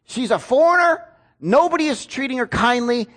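A man's voice: extremely high pitch, lively intonation, moderate pace, fairly bright tone. A man, a pastor preaching a sermon in an earnest, storytelling way. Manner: earnest, storytelling with rising emotion.

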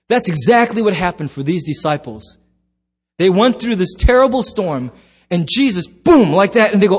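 A man's voice: high voice, lively intonation, moderate pace, husky. Emphatic preaching pastor, man. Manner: emphatic, swings from loud to hushed. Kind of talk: sermon.

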